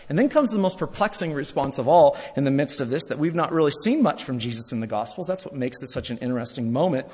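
A man's voice: medium pitch, sing-song, fast talker, hardly any pauses, husky. Dramatic preacher man in a reverberant hall. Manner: dramatic, swings between loud and hushed; repeats phrases for emphasis. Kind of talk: sermon.

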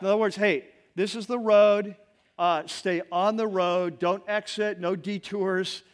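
A man's voice: sits high, fairly even intonation, a little slow, clean tone. A man preaching a sermon in a casual, conversational way, reading scripture verses aloud and explaining them with asides. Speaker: pastor.

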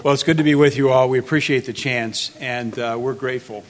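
A man in his sixties speaks with earnest, measured care, pausing on small fillers as he shares his testimony. His voice sits in an ordinary middle register. He sounds like he is addressing a gathered church audience. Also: mid-range voice, fairly even intonation. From United States. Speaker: speaker at a church marriage event. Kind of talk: testimony and prayer.

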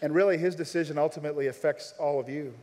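A man's voice: on the high side, fairly even intonation, fast talker, darkish tone. A man preaching a sermon at a live church service, making earnest, urgent appeals straight to his listeners. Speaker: pastor. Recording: long reverb of a large church hall.

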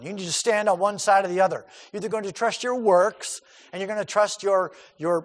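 A male pastor preaching a sermon, animated and emphatic, asking rhetorical questions and repeating words for stress. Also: high-pitched. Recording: long hall reverb.

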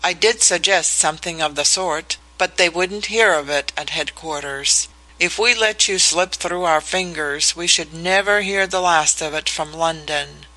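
A reader voicing a stern middle-aged detective who speaks gravely and regretfully, a little softer. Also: mid-range voice, a little slow, rough recording.

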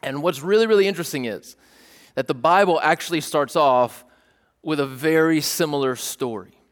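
Pastor, male, a bit high-pitched, animated storyteller in a sermon, big reverberant church hall. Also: normal speed. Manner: animated, plays out scenes with sudden shouts. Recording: long reverb of a large hall.

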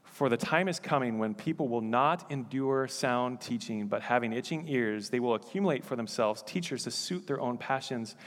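A man's voice: medium pitch, moderate pace, hardly any pauses. Man preaching in a reverberant hall. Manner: conversational, with joking asides. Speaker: pastor. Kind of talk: sermon. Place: church sanctuary.

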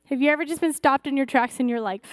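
A woman's voice: sits high, fast, dry recording, studio quality. A woman pastor preaching a fervent sermon, exhorting her church with rising, repeated calls.

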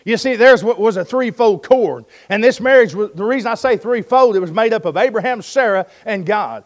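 A man preaching a sermon, urging his listeners with emphatic, folksy storytelling and jokes. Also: high-pitched.

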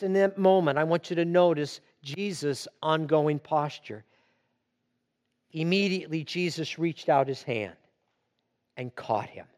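A man with a high voice delivers a sermon at an unhurried pace. He leans on emphatic repetition and lets each phrase land. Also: darkish tone. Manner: slow and emphatic, with dramatic repetition. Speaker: preacher.

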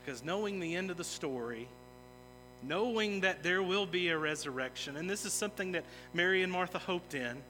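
A man with a high, expressive voice preaches a little fast and with a sharp edge, earnest and emphatic as a pastor, intensifying here and there. His words ring through a large hall's long reverb, accompanied by music.

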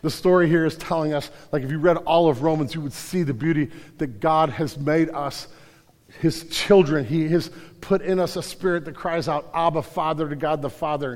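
A man's voice: a little high, darkish tone. A man preaching a passionate sermon to a congregation, building to emphatic peaks. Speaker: pastor. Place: church sanctuary. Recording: hall reverb.

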